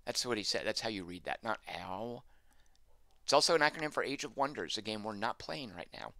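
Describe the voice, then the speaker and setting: A wry, sarcastic man streams a text adventure and reads the game's prose aloud. His voice is bright and forceful and swings widely in pitch. It sounds dry and close, with no room sound. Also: expressive, a little fast, no echo. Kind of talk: live game commentary, reading game text aloud.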